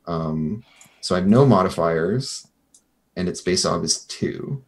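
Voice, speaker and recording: A man with a low voice plays a tabletop game. He chats casually and quickly about the rules and his rolls. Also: expressive. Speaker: player.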